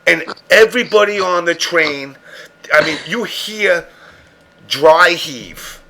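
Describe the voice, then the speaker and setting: Guy on a podcast rambling through a story, swears a lot, gravelly voice, kinda high. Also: lively intonation, slow pace, sharp tone. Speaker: podcast host. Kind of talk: casual chat.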